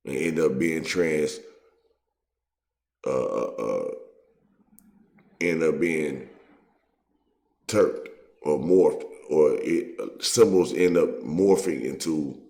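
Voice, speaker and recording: A man's voice: a bass voice, creaky, warm tone, reverberant. A man hosting his own video, giving a heated, profane commentary full of street slang. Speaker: online video host.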